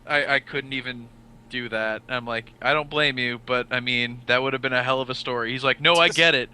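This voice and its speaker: A man hosts a loose, casual podcast, relating an anecdote with lively quoted dialogue. His voice sounds very bright and clear-edged at an ordinary middle pitch. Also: brisk. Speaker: podcast host.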